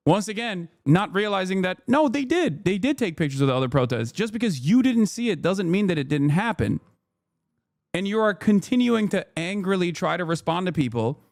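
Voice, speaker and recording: A man's voice: sits high, animated, moderate pace, dry recording. A man, ranting and swearing as he comments on a livestream. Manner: heated, ranting, swears often. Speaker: streamer.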